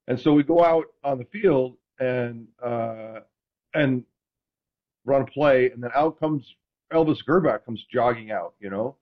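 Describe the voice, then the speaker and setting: A man telling stories in casual chat, animated and self-deprecating, acting out quotes. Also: mid-range voice, a little slow, dull audio. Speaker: podcast host, former NFL quarterback.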